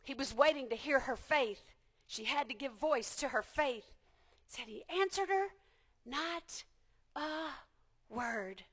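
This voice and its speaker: A woman preacher delivering a passionate sermon, repeating phrases and building to shouts. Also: sits high, normal speed.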